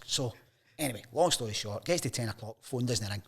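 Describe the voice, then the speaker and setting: Here a Scottish man in his fifties, appearing as a sports journalist guest, recounts lively anecdotes in a casual storytelling interview. He acts out quoted voices while speaking quickly in a medium-pitched, slightly rough voice.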